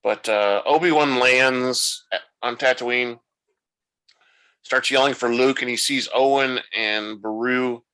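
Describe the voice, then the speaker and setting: A man's voice: medium pitch, creaky, pushed and bright, poor audio. A man hosting a podcast, retelling the plot loosely in a casual recap and thinking aloud as he goes. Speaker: podcast host.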